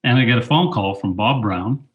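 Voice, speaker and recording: An older man spinning anecdotes with animated energy. His pitch sits in a middle range for a man, and he jumps higher when he quotes himself. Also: normal speed, lo-fi sound. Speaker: guest, film director and teacher. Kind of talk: storytelling interview.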